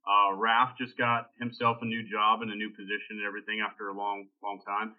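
A man's voice: lowish voice, little pitch movement, a little fast. Man chatting over a tinny line. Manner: rambling, jokey, loose. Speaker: podcast host. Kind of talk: casual chat.

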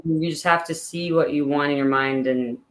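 A woman's voice: low-pitched, steady tone, normal speed, a little hiss or hum, rough recording. A woman singer-songwriter from Pittsburgh, a guest in a casual interview, talking earnestly and upbeat with many fillers. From Pittsburgh, Pennsylvania.

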